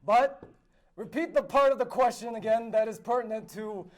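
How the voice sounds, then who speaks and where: Man cast as a pompous, high-voiced noble raconteur, grand and theatrical, improvised live. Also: normal speed. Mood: boastful. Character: boastful male noble spinning absurd tall tales. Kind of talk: improvised tall-tale role-play. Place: live convention panel room.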